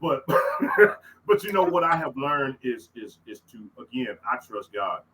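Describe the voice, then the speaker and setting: A man, co-hosting a casual faith-minded podcast chat. He is excitable, laughs often and bursts up high. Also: a little slow, a crowd in the background, poor audio. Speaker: podcast co-host.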